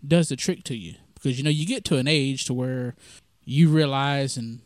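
Southern male podcast host, folksy rambling storyteller, mid-pitched voice, dry close mic. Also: normal speed, dry recording. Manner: folksy, rambling, with many fillers. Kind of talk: casual storytelling monologue.

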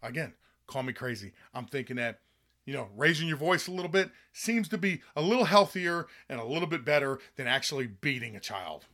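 Blunt, bright-voiced man ranting. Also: medium pitch, lively intonation, brisk. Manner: blunt, sarcastic, heated rants with frequent "okay?". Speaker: podcast host. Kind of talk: opinionated commentary monologue.

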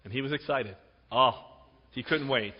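A middle-aged man preaching a sermon, telling stories with emphasis and dropping to a hush for effect. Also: medium pitch, normal speed. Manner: storytelling, emphatic, with dramatic drops to a hush. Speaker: pastor. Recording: dull recording with long hall reverb.

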